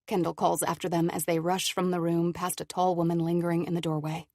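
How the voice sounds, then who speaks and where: Low-voiced woman narrating an audiobook. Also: little pitch movement, brisk, a little mellow, no echo, clean studio sound. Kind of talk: scripted narration.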